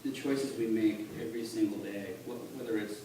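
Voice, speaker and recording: A man giving a halting, earnest personal testimony at church, recorded on a phone from the congregation. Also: lowish voice, fairly even intonation. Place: church sanctuary. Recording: echoey church on a distant phone, noisy.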